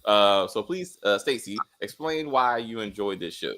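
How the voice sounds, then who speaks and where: Lively, bright-toned man hosting. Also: lowish voice, moderate pace. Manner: animated, joking, lots of uh fillers. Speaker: host. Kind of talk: casual review chat.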